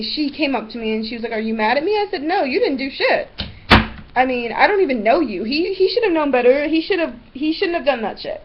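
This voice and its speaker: A teenage girl telling a story in a vlog, blunt and animated, swearing freely. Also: on the high side. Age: teens. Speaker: vlogger. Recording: dull lo-fi webcam audio.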